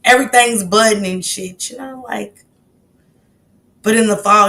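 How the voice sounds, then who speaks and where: Gravelly-voiced woman hosting a casual livestream. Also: mid-range voice, a little slow, fairly bright tone. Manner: chatty, greets viewers one by one by name. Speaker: livestream host.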